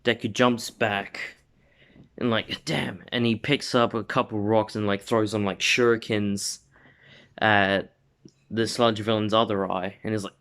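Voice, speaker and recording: A man's voice: fairly low pitch, flat delivery, unhurried, fairly bright tone, clear, resonant tone. A man casually retelling a fan-made story, rambling with lots of "like" and restarts. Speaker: video host.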